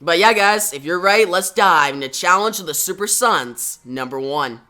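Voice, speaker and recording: A man's voice: sits high, lively intonation, normal speed, sharp tone. A young man chatting enthusiastically to his viewers as he reviews a comic book and reads out its dialogue. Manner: summarizes plot and reads dialogue aloud. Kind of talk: casual video review.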